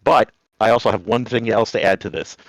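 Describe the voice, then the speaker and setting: A New Jersey man calls in and casually tells rambling stories, acting out the voices of the people in them with a lot of animation. His voice sits on the low side and moves briskly. The audio has no echo but the recording is rough.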